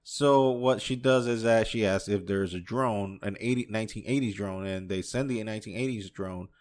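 A man from New York hosts his own podcast and reviews a show in a loose, rambling way. He swears freely and keeps chuckling at his own asides. His voice sits on the low side. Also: normal speed, a little mellow. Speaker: podcast host. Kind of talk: casual solo show review.

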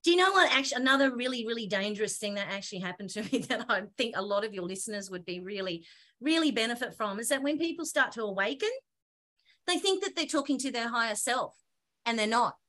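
A woman, a guest on an interview, telling her story in an animated, excitable way, often breaking off and restarting sentences. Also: on the high side, fast talker. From Australia.

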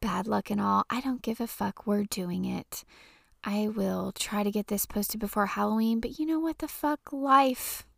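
Slow, gravelly-voiced woman podcast host ranting. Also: medium pitch, no echo, studio quality. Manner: profane, exasperated ranting with bursts of laughter. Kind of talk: casual ranting monologue.

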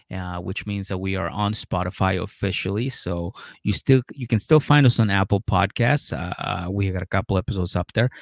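Low-voiced laid-back podcast host. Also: male voice, no room sound, studio quality. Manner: laid-back, swearing, rambling. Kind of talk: casual recap chat.

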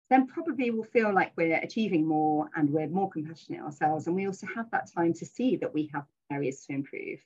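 Middle-aged woman, webinar speaker, husky, lowish, earnest; dull lo-fi call sound. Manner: earnest, reflective, with frequent fillers. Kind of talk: motivational webinar talk.

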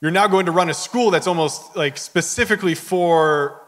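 A man's voice: high-pitched, moderate pace, a bit bright, long reverb tail. A man hosting a casual interview chat, asking rambling questions in a friendly, joking way. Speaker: live-stream host.

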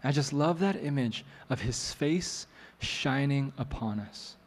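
Conversational pastor in a hall. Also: male voice, medium pitch, lively intonation, slow pace. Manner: conversational, joking asides. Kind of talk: sermon with storytelling. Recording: long hall reverb, soft music.

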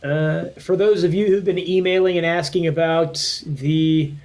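A man's voice: a little high, steady tone, a little slow, darkish tone, faint music behind. A man co-hosting a casual comedy podcast, rambling with restarts and laughing often. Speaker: podcast co-host and editor.

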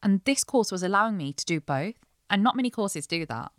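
A woman's voice: mid-range voice, animated, a little fast, dry recording, studio quality. A young adult woman, a chef and business owner, chatting earnestly in an interview and explaining at length. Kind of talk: casual interview chat.

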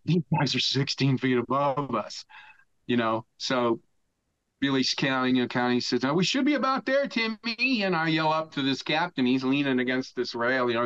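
A man in his sixties, a podcast guest, telling a long story in a casual, animated way. He swears freely and shouts out the lines he quotes. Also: medium pitch, clean tone, highs cut off.

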